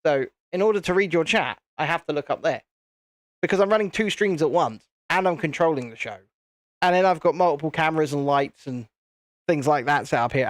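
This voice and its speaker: British male streamer, rambling chat, slightly high voice, dry close sound. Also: no room sound. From United Kingdom. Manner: chatty, rambling, reads viewer chat aloud. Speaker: livestream host. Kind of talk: casual live stream chat while building. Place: home streaming setup with cameras and lights.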